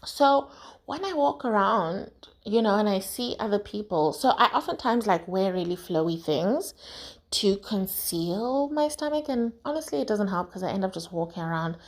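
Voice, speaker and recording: A woman's voice: medium pitch, animated, moderate pace. A woman from South Africa hosting a podcast, talking frankly in a casual motivational monologue, with lots of swearing and "right?" tags. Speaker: podcast host.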